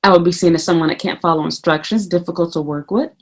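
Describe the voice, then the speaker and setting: A woman vlogging casually, venting heatedly about her work as a teacher and swearing freely, her voice a little hoarse. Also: lowish voice, fast talker. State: slightly hoarse. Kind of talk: casual ranting vlog.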